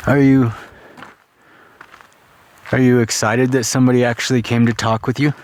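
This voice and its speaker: A man's voice: mid-range voice, little pitch movement, moderate pace, a little mellow. Ghost-hunting man questioning spirits. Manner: talks aloud to unseen spirits, questioning, casual with swearing. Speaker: paranormal investigator. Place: abandoned ghost town, outdoors and in old houses.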